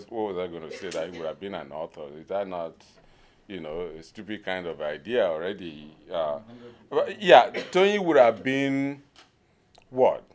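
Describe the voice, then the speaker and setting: A man from Nigeria giving an informal conference talk, pausing often to search for words, with a humorous touch. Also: lowish voice. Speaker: conference speaker.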